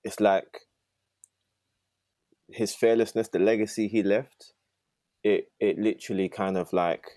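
A man's voice: lowish voice, fairly even intonation, measured pace, pauses often, dark tone, no room sound, clean studio sound. A young man as a podcast guest, talking earnestly and reflectively with many fillers. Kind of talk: reflective conversation.

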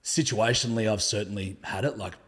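Husky, laid-back Australian man. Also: on the low side, a little fast, a bit bright. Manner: laid-back, swears often, says "like" a lot. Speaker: podcast guest. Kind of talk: casual conversational storytelling.

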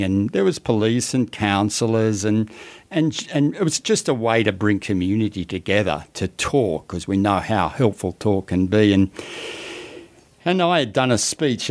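Australian male podcast host, deep voice. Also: darkish tone. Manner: rambling with many restarts and fillers. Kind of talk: casual interview chat, storytelling.

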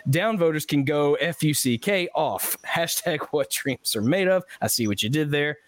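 A man's voice: on the high side, lively intonation, moderate pace, no room sound. A man hosting a podcast, chatting casually and reading out listener comments with frequent laughs and fillers. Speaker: podcast host.

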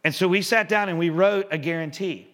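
Brisk and high-voiced, a male pastor preaches with conversational energy, repeatedly asking the congregation questions he doesn't expect answered.

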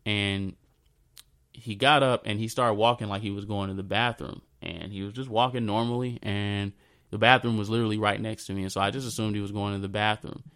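A man in his thirties shares a personal memory in an unscripted monologue, his low voice smooth, clear, and steady in tone. He halts often, restarting and repeating phrases, and now and then sinks into a soft murmur.

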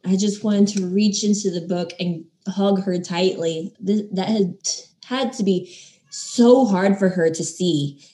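Emotionally expressive woman in book chat. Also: mid-range voice, measured pace. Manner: emotionally expressive, empathetic reactions. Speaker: book club member. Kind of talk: casual book discussion.

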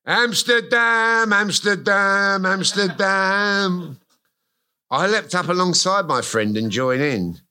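A bright-toned man reads his own memoir aloud on a venue stage. His telling is wry and comic, full of self-mocking asides, and his voice stays at a middling pitch. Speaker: guest author. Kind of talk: reading his memoir aloud to a live audience. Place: live music venue stage.

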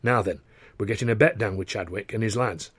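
A man voicing a scheming male footballer, speaking in a hushed, conspiratorial way. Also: lowish voice, fairly quick, breathy edge, no room sound.

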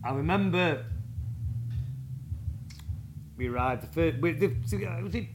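A man, a guest drummer telling rambling, halting anecdotes in a casual interview. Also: a little high, lively intonation, noisy background. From England.

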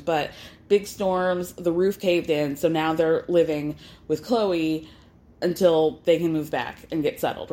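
A woman's voice: fairly low pitch, darkish tone. A woman hosting a podcast, giving a casual, chatty recap of a reality show with sarcastic asides and quotes acted out in her own voice. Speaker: podcast host.

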